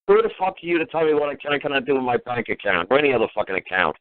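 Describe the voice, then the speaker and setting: A man's voice: medium pitch, sing-song, rapid-fire, few pauses, dry recording. A man hosting a call-in radio show, ranting in an exasperated, profane way. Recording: tinny phone-line radio audio.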